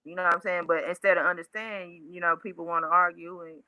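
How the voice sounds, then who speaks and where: Blunt lady guest on a live stream, very bright crisp voice, dry close sound, asks pointed questions. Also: lowish voice, flat delivery, fast talker, no echo, low-quality recording. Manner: blunt, challenging, rhetorical questions. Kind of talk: casual heated call-in talk.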